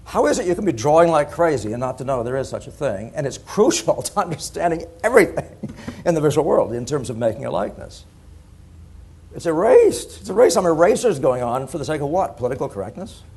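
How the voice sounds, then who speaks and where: Husky-voiced man giving a conference talk. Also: on the high side. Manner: animated, digressive, laughs at his own points. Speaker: conference speaker. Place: conference hall.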